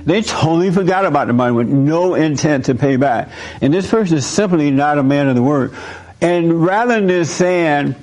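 Male host, slightly high voice, animated preachy monologue, questions the audience. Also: fairly quick. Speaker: host speaking to a live audience.

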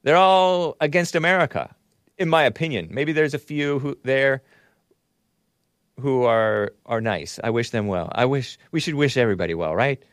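A man's voice: mid-range voice, lively intonation, normal speed, dry recording, clean studio sound. A man hosting a talk show, delivering a sarcastic, rambling monologue full of mocking asides, spelling out names and stumbling over pronunciations. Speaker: host.

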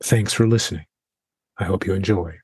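A man's voice: low-pitched, brisk, a little mellow, slightly rough, dry recording. A man hosting an interview, reading an introduction and asking questions earnestly. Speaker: interview host.

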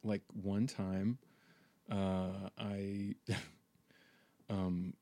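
A man's voice: low voice, little pitch movement, extremely slow, dark tone. A man hosting a podcast, telling a personal story in a rambling, profane monologue full of fillers. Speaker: podcast host.

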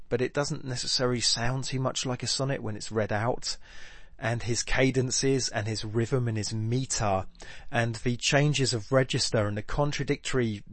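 A man's voice: medium pitch, dry recording. A man hosting a poetry podcast, talking through a sonnet in a casual, rambling way, correcting himself as he goes. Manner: rambling, self-correcting, with filler ums and restarts. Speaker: podcast host analysing poetry. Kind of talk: casual spoken analysis, thinking aloud.

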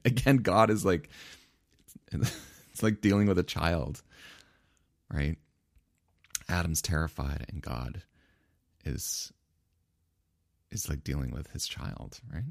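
A man preaching a sermon in a casual, laughing, animated storytelling manner. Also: sits low, slow, creaky, long pauses, dry recording, studio quality. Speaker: pastor.

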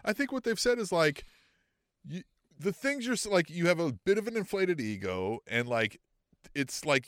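Animated high-voiced podcast man. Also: moderate pace, no echo, studio quality. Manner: animated, swears often, acts out quotes in mocking high voices. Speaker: podcast co-host. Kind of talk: casual wrestling podcast chat.

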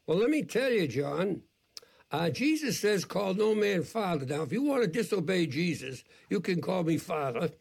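A man's voice: high voice, very animated, normal speed, gravelly, darkish tone, breathy edge. A man in his eighties with a Boston accent, a priest speaking as a podcast guest in a wry, plainspoken way. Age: 80s. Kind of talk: casual conversation.

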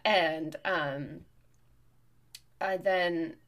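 A woman podcast host telling a story in casual chat, getting louder and more worked up as she goes. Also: extremely slow. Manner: animated, gets louder and higher as the story heats up. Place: New York.

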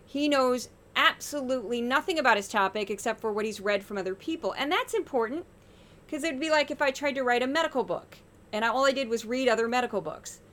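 A woman with a somewhat high voice hosts a media-commentary podcast. She talks with sarcastic exasperation and pointed emphasis. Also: lively intonation, quick pace, fairly bright tone. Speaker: podcast host.

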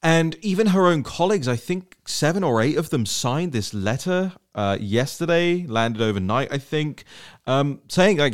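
Animated joking male podcast host. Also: a little high. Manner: animated and joking, rapid bursts. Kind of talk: casual political chat.

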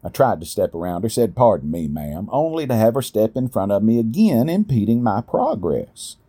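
A middle-aged man telling a personal story in a folksy, unhurried way. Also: mid-range voice, very animated, dark tone. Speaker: storyteller, podcast host. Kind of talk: storytelling narration.

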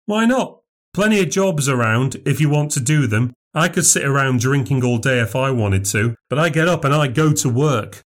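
A man's voice: medium pitch, lively intonation, pitched above the performer's own voice, close to an everyday voice. A man voicing a smug, defensive young father, speaking indignantly. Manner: indignant, slow and insistent.

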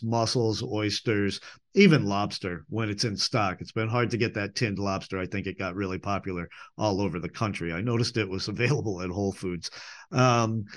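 Chatty rambling male podcast host. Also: on the low side. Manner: rambling, chatty, self-correcting with many fillers. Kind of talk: casual podcast monologue.

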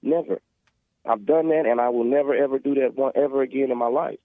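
A man's voice: medium pitch, a little fast, no room sound. A man calling in to a talk show, talking earnestly and preachily about faith and family, rambling with restarts. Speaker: caller. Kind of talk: emotional phone call to a talk show. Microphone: phone. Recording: tinny dry phone line.

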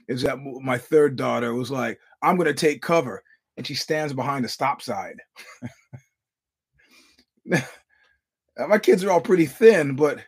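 A man's voice: a little high, slightly rough. A middle-aged man hosting a podcast, telling stories in a loose, profane monologue with lots of restarts. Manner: rambling storyteller, profane, many restarts. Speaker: podcast host. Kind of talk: casual monologue.

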